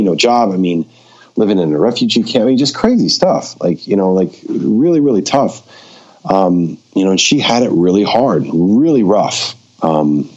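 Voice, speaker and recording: A man with a very low voice tells a story in a relaxed, conversational way and slips into the voices of the people he quotes. The audio is dull and lo-fi, with the top end rolled off. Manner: animated, acts out quoted dialogue. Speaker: documentary filmmaker, podcast guest. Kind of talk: casual storytelling.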